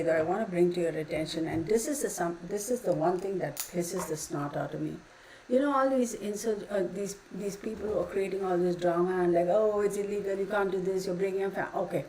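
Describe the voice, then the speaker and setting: A woman talks through a tarot spread, then launches into blunt, profane opinions. Her voice sits on the lower side with a mellow, warm tone. A faint hum of noise runs underneath. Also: gravelly, low-quality recording. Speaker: tarot reader. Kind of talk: casual tarot reading with opinion rant.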